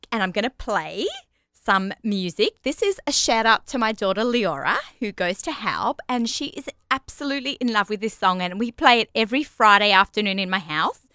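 Middle-aged aussie lady hosting radio, bright chatty voice, dry close sound. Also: mid-range voice, no room sound. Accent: Australian. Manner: chatty, laughs often, self-correcting. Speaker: radio host. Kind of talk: casual chat.

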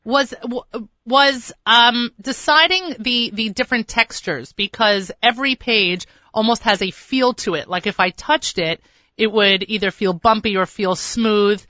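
Effusive woman radio host, bright forceful voice, dry slightly dull lo-fi sound. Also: fairly high pitch, measured pace, no room sound. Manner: effusive, enthusiastic. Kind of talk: radio interview.

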